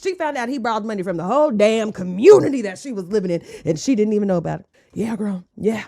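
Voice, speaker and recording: A woman's voice: medium pitch, lively intonation, fast, creaky, warm tone. A woman hosting a reaction video, giving sassy, mocking asides in casual commentary. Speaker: host reacting to a clip.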